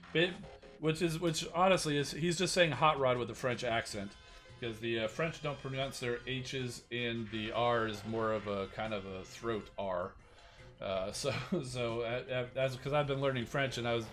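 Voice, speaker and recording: Guy rambling about his toy figures on a stream, lots of uh and um, soft music behind. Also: mid-range voice. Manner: rambling, many fillers and restarts. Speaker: toy collector and channel host. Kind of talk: casual livestream show-and-tell.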